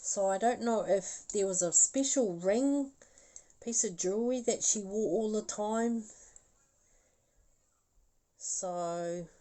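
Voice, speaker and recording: A woman giving a live psychic reading, talking slowly in a mellow, relaxed voice. She rambles chattily, breaks into laughter and apologizes as she goes. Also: medium pitch, rough recording. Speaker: psychic medium.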